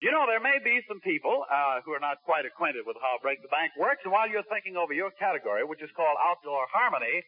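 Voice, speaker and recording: A man's voice: a little high, sing-song, fast talker, hardly any pauses, a little hiss or hum. A man hosting a 1940s radio quiz, chatting jovially with contestants, from a dull lo-fi broadcast. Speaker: quiz show host.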